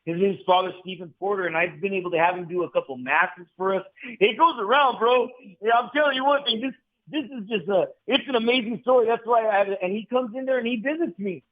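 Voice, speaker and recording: A man's voice: high-pitched, fast talker. Intense man on a tinny phone line. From Southern California. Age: 40s. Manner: intense, repetitive, calls the host bro. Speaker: guest. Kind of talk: casual storytelling conversation.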